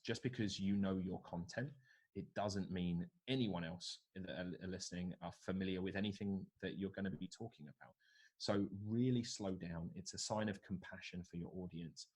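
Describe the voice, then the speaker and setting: A low-pitched man leads an online workshop on presentation skills, coaching participants and reading their ideas aloud. His voice has a husky edge. He is speaking into a computer mic on a video call. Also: steady tone, moderate pace. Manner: coaching, reads out participant answers.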